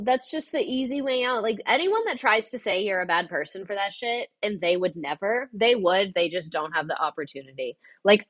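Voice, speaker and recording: A woman's voice: low voice, fairly bright tone, no room sound, highs cut off. A young woman streaming a casual history lesson from home, chatty and profane, going off on tangents and talking into wireless earbuds.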